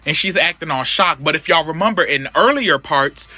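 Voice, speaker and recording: A man's voice: fairly high pitch, expressive, moderate pace, sharp tone. A man recapping a comic in a sassy, slangy, casual way, often calling listeners honey.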